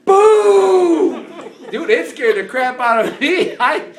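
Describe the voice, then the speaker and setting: A man telling a funny hunting story in casual chat, laughing a lot and breaking into loud shouts as he acts out the scene. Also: very high voice, lively intonation, moderate pace, reverberant. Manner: laughs constantly, voices get loud and shouty at the climax.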